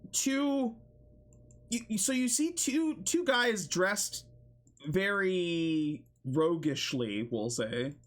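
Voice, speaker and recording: A man's voice: high-pitched, animated, very slow. A man narrating as game master in a tabletop game, rambling loosely with many fillers.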